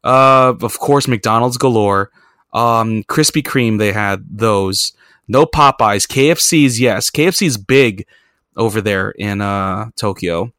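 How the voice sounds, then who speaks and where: A man's voice: lowish voice, slow pace, fairly bright tone, no echo, studio quality. A man hosting a podcast, telling travel stories in a rambling, profane, self-mocking way. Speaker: podcast host. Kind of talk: casual storytelling chat.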